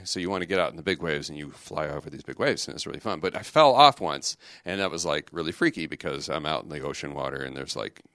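Animated, joking middle-aged man preaching. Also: lowish voice, dry recording, studio quality. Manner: conversational, joking, full of rhetorical questions. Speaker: religious brother giving a youth talk. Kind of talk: lively youth talk.

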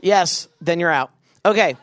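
A young man leading a big youth crowd through a game, joking and doing quick silly voices. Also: fairly high pitch, a bit bright. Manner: goofy, quick asides, acts out voices. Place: event venue with a live audience.

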